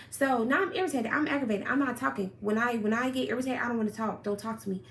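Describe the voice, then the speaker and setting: A young woman telling a story about her relationship in a casual vlog, blunt and profane, with sudden loud outbursts. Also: on the high side, fast talker, gravelly, few pauses, a little hiss or hum. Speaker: storyteller vlogger.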